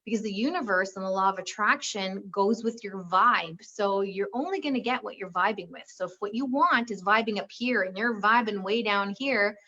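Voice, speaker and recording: A woman relationship coach talking in an interview, animated and acting out the voices of people she quotes. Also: medium pitch, normal speed, hardly any pauses, muffled recording. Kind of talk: conversational interview.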